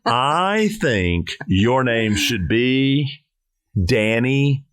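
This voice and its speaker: A man's voice: medium pitch, big pitch swings, extremely slow, a bit bright, clear, resonant tone, dry recording. A middle-aged man from South Carolina, a drag performer chatting on a podcast in a playful, theatrical, jokey way. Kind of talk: casual podcast chat.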